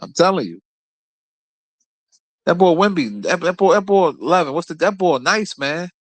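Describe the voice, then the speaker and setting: An animated man hosts his own show, trash-talking basketball rivals in a blunt and profane casual rant. His voice sits a bit high and swings widely up and down. The sound is dry and close. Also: moderate pace, no echo. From Philadelphia area. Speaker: host.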